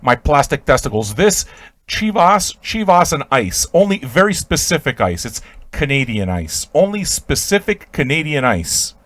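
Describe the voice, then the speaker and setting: A man hosting a radio show, telling an improvised absurd comic story in a rambling, stammering way with sudden shouted outbursts. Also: a little high, very animated, moderate pace, dry recording.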